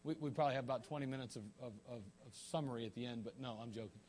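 A man's voice: mid-range voice, racing, a little mellow, slight background noise. A man preaching a sermon in a folksy, joking way, often restarting his sentences, with an Ohio accent. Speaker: pastor.

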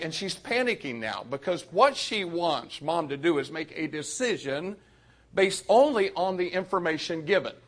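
Animated male preacher with a high, bright voice. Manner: animated, addresses youth directly. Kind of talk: sermon.

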